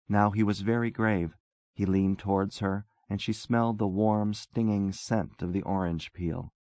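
A man narrating a literary story in a calm, measured way. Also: on the low side, no echo. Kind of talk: scripted narration.

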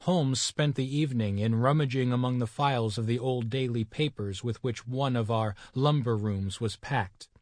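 A man narrating a classic detective story aloud in a steady, even storytelling manner. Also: mid-range voice, moderate pace, few pauses, dry recording, studio quality. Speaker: audiobook narrator.

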